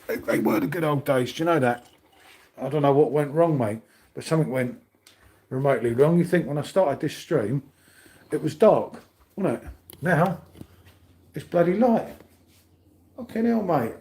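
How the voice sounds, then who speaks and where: An older English man rambles to his livestream viewers in a mellow, dark-toned voice. He swears freely and tags "mate" onto nearly every remark. The talk stays loose and conversational. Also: fairly high pitch, moderate pace, long pauses. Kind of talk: casual livestream chat with viewers. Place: at home, making coffee.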